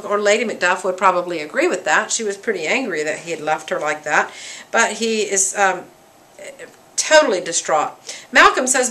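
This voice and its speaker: A woman teacher lectures through a play in a bright, forward voice at an average pitch. She reads quoted lines with rising emphasis, then explains them in plain modern words. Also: moderate pace, low-quality recording.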